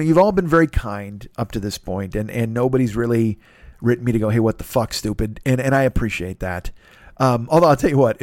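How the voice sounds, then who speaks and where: A man's voice: a little high, no echo, clean studio sound. A middle-aged man hosting his own podcast, talking alone in a rambling, profane, self-deprecating way. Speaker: podcast host. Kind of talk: solo podcast monologue.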